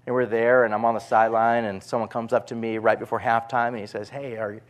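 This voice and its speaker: A man preaching to a live audience in a room, telling stories in quick, animated bursts and often repeating himself. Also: medium pitch. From United States. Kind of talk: sermon with personal storytelling.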